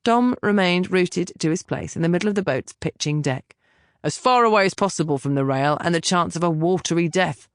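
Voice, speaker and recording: A woman narrating a historical romance audiobook with expressive storytelling. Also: lowish voice, fairly quick, dry recording, studio quality. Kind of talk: scripted narration.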